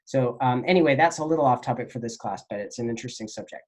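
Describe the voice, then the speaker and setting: A man teaching a class, answering student questions in a relaxed, rambling lecture with many fillers. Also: medium pitch, quick pace.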